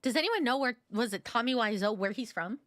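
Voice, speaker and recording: Bright, giggly woman streamer. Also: fairly high pitch, lively intonation, brisk, no echo, studio quality. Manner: giggly, rambling, lots of "like". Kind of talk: casual reaction chat.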